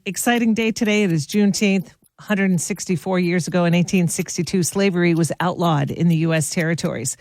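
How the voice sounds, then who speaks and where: A woman's voice: mid-range voice, dry recording. Chatty woman radio host, dry studio sound. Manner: chatty, laughs at her own jokes. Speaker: radio morning show host. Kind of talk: upbeat radio show chat. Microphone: studio mic.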